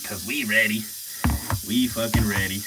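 Excitable slangy man filming his snakes. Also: lowish voice, moderate pace, very noisy. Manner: excitable, slangy, swearing, talking to the snakes and viewers. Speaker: reptile keeper vlogger. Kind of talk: casual filming commentary.

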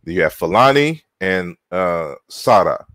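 A man giving an online lecture, slow and halting, spelling out words and often repeating himself. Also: deep voice, expressive, fairly bright tone, no echo.

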